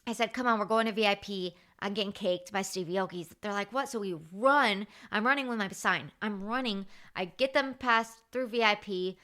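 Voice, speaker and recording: Brief: woman in her thirties hosting her podcast, bright and forceful tone, lively anecdote telling. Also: medium pitch, normal speed, hardly any pauses. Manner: animated, chatty, with many fillers. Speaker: podcast host. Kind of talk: casual storytelling.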